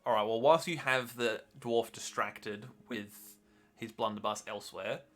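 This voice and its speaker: A man narrating as game master, relaxed and hesitant with many fillers. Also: mid-range voice, unhurried.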